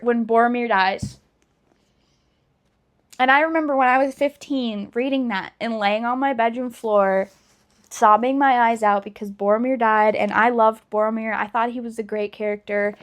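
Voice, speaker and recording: A woman with a high, bright-sounding voice talks casually to her viewers. She is emotional and gushing, stretching out words for dramatic effect. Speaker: book vlogger. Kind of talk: casual chat.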